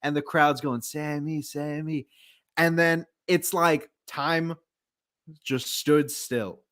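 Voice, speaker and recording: A man's voice: on the high side, slow, fairly bright tone. A man casually recapping a wrestling match, telling it as a story, acting out quotes and laughing often. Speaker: podcast co-host.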